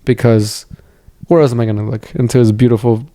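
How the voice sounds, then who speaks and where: A man's voice: mid-range voice, brisk. A man in his late twenties from California, a podcast co-host telling a story in casual chat, cursing freely and acting out what others said. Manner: animated storyteller who acts out other people's lines in a raised voice; swears freely.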